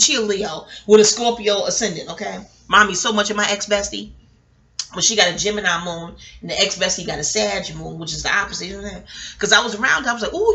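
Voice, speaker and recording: Animated, bright-voiced woman vlogger. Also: fairly high pitch. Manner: animated, laughing, swearing freely, acting out quoted people. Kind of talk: rambling casual storytelling.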